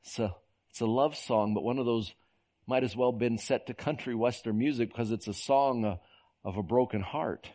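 A man's voice: mid-range voice, moderate pace, mellow. A middle-aged man from Oklahoma preaching a sermon in a folksy storytelling manner, often repeating words as he goes. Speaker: pastor.

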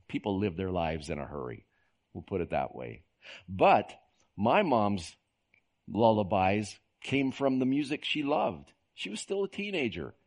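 Man, pastor, middle-aged, from Oklahoma, folksy storytelling sermon, somewhat low-pitched. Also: a little mellow. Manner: folksy storytelling, repeats words as he goes.

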